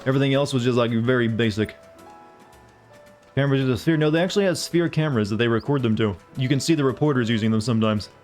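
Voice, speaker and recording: A man's voice: mid-range voice, quick pace, darkish tone, faint music behind. A young man giving casual, rambling gameplay commentary as a streamer, cracking jokes at the cutscenes.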